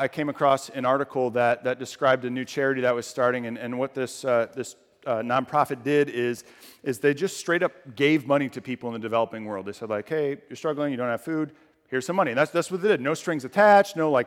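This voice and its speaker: A male pastor preaching a sermon in a conversational style that rises to emphatic, loud passages. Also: on the high side, long reverb tail.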